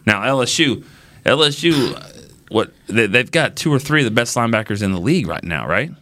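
A man's voice: mid-range voice, lively intonation, a little fast, sharp tone, no room sound, clean studio sound. A man talking casually on a sports podcast panel, thinking aloud with frequent restarts.

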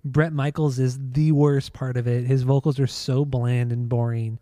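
A man's voice: mid-range voice, little pitch movement, moderate pace, warm tone, no room sound. A man hosting a podcast, wryly dismissive of an album as he steers the episode in casual chat. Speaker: podcast co-host.

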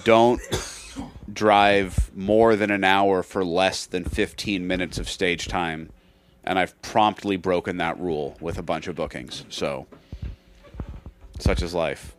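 A man's voice: low voice, steady tone, slow pace. A man co-hosting a casual comedy podcast, telling a rambling story and acting out what people said. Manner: rambling storyteller, restarts and acts out quotes. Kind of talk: casual chat.

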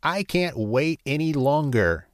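Shrill cackling storybook witch, old and wicked, played by a male narrator, dry close sound. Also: expressive, slow, no room sound. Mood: greedy. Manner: shrill, screeching. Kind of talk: storybook reading.

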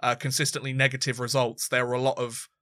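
A man's voice: mid-range voice, level tone, fast talker, sharp tone, no room sound, clean studio sound. A man co-hosting a sports podcast, chatting casually and rambling, with frequent restarts and fillers. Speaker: podcast co-host.

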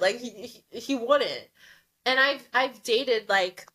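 Speaking slowly in a slightly high, bright, pushed voice, this young podcast host gives a candid, casual monologue. She's blunt and emphatic, swears freely, and laughs often.

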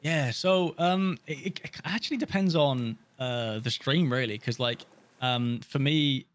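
A man's voice: medium pitch, a little slow. A young British man chatting casually as a podcast guest, rambling with lots of fillers and restarts.

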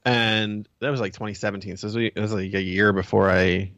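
A man talking as a guest in a casual conversation, relaxed and agreeable, with halting starts. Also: on the low side, no echo. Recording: dull, dry lo-fi sound.

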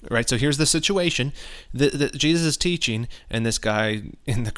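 A man's voice: medium pitch, moderate pace, fairly bright tone. A man hosting a podcast, teaching from the Bible in an earnest, casual way, often restarting phrases. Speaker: podcast host.

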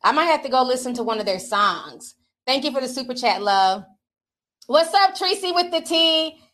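A middle-aged woman from the Midwest hosting a casual livestream, reading super chats in a playful, slangy, animated way and laughing often. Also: high voice, moderate pace. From Minnesota.

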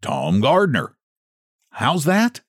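A man doing a slow folksy backwoods guide. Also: lowish voice, big pitch swings, dry recording, clean studio sound, heavily acted. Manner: rustic dialect, slow and plain.

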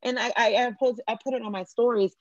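A woman's voice: a little high, steady tone, quick pace, no room sound, dull audio. A woman hosting a podcast, talking earnestly in long winding sentences in casual pop culture chat. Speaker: podcast host.

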